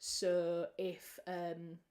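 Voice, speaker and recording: A woman's voice: on the low side, completely flat delivery, extremely slow, darkish tone. Chatty British woman hosting a livestream. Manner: chatty and rambling, with frequent restarts and fillers. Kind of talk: casual livestream chat.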